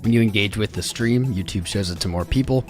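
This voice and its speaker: A man from the United States hosts a laid-back, rambling crypto live stream, greeting chat members by name, his voice a little hoarse from losing it. He talks fairly low and fairly quick, with music playing behind him.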